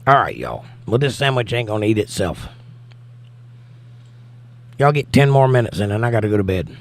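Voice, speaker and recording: An American male livestream host with a fairly low voice chats in a laid-back way, reading viewer comments in a sing-song lift. He speaks at a moderate pace with big pitch swings.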